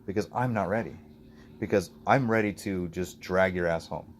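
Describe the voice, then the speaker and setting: A man working as a dog trainer, coaching an owner outdoors in an animated, explanatory way. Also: low voice, normal speed, a little hiss or hum. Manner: explanatory, animated, acts out the dog's thoughts.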